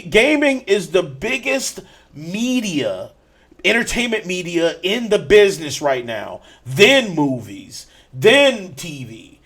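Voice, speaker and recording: Guy hosting a gaming podcast, kinda high voice, ranting, keeps restarting sentences. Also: fairly bright tone. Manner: blunt, repetitive, restarts often. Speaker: podcast host. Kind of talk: casual gaming podcast chat.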